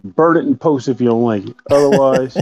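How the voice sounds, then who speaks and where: A man's voice: medium pitch, fairly quick, darkish tone, dry recording. A man co-hosting a casual podcast, teasing and joking with the others. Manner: teasing, jokey. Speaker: podcast co-host. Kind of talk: casual chat.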